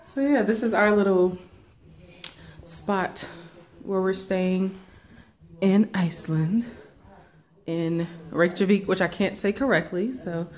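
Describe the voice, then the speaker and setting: A woman's voice: medium pitch, slow, pauses often, darkish tone. A woman with an Atlanta Southern accent, chatting and laughing as she films a casual travel vlog on a handheld camera. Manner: giggly, chatty, laughs often. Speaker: travel vlogger. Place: small apartment, then outdoors on a cold street.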